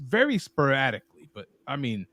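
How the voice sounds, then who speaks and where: A man's voice: medium pitch, wildly swooping pitch, fairly quick, bright, forceful tone. A man hosting a casual beer chat, joking and rambling, often laughing. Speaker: podcast host. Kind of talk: casual chat over beers.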